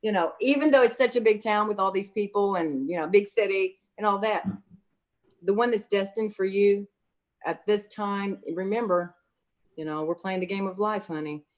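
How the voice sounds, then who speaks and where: A woman's voice: mid-range voice, moderate pace. A woman giving psychic readings in a casual, chatty way, calling the viewer honey. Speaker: psychic reader. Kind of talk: casual livestream reading chat.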